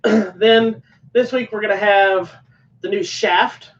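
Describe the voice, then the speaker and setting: A man's voice: high voice, steady tone, slow. A man co-hosting a casual podcast chat, talking in an easygoing, rambling way. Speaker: co-host. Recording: dull sound from a distant mic.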